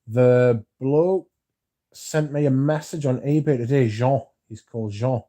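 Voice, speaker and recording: A man hosts a relaxed livestream, talking in loose, rambling asides and reading out viewer comments before answering each one. His voice is mellow and dark and sits at a middling pitch. He swears casually now and then as he chats. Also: measured pace. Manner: chatty, reads out viewer comments and answers them. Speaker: livestream host.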